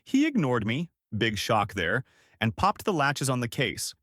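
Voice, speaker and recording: A man's voice: mid-range voice, very animated, unhurried, a bit bright, no echo, clean studio sound. A man telling a first-person story in a wry, sardonic scripted narration.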